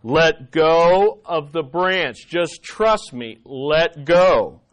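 A steady, lowered divine voice speaks down from above, as a preacher puts it on, slow and calm with quiet authority. It sounds patient and reassuring, never rushed. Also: male voice. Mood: firm.

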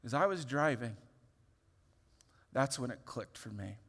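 A male pastor in his thirties tells a story from the pulpit, lively and open, often stopping and restarting his sentences. His mid-pitched voice carries a long reverb from a large hall. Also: unhurried, creaky, husky. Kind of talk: sermon storytelling.

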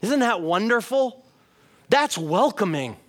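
High-voiced earnest man preaching. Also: big pitch swings, slow, a bit bright. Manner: earnest, rising to emphatic, uses direct address. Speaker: pastor. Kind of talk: sermon.

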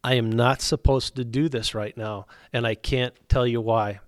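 A man's voice: medium pitch, steady tone, normal speed, dry recording, clean studio sound. A middle-aged man, a business owner telling his faith story as a guest, acting out both sides of the dialogue. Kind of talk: storytelling testimony.

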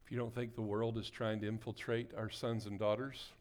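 Brisk and a little mellow, this low-leaning man's voice shows little pitch movement as he preaches and prays to his congregation. In the church sanctuary, the pastor works call-and-response, asking for amens, and builds to an emphatic exhortation.

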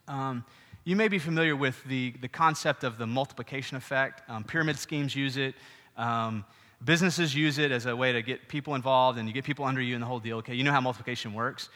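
Bright-voiced pastor preaching in a hall. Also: male voice, mid-range voice, fast. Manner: conversational, animated preaching with frequent asides. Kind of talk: sermon. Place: church hall. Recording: reverberant church hall.

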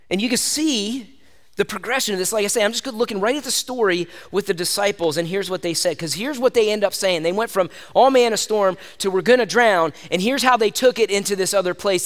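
High-voiced man preaching a lively sermon. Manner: animated, conversational preaching, calls the audience "gang". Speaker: pastor.

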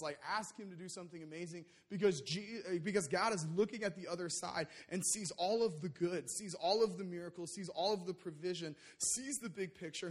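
A young man preaching a sermon, telling a personal story in a lively way with many fillers and restarts. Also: high-pitched.

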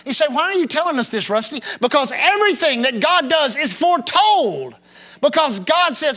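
A male preacher delivers a sermon in a strikingly high voice with a bright, forceful edge. He preaches with an impassioned, repetitive cadence that swings between loud and soft. When he reads scripture aloud, he gives it a dramatic King James style. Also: expressive, brisk.

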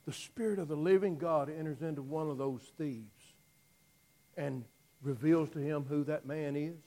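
A man preaching a dramatic storytelling sermon, swinging from loud declaiming to hushed, near-whispered lines. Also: on the high side, rough recording. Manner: slow, drawn-out phrasing with long pauses.

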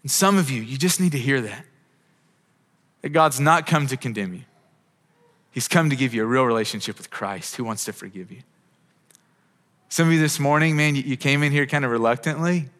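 A man's voice: medium pitch, brisk, pauses often, a bit bright. A man in his thirties preaching a sermon in an earnest, conversational way, often restarting his sentences. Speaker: pastor. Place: church auditorium. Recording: long hall reverb.

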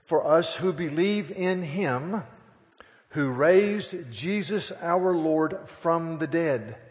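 Man, pastor, sermon, dramatic scripture reading, slightly high voice, long church reverb. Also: lively intonation, takes it slowly.

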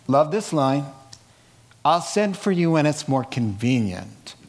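Male pastor, sermon, slow deliberate delivery, slightly high voice, hushed-to-loud swings. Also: big pitch swings. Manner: dramatic swings from hushed to loud, with bursts of laughter.

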